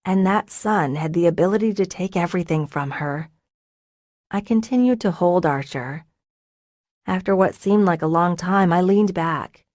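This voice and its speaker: A woman narrating a novel in the first person in a soft, earnest, emotional way. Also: lowish voice, measured pace, dry recording. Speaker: audiobook narrator.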